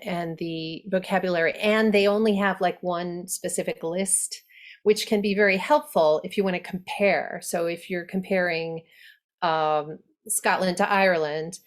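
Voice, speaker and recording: A woman dialect coach giving an online workshop lecture to actors, explaining and demonstrating accent sounds. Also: on the low side.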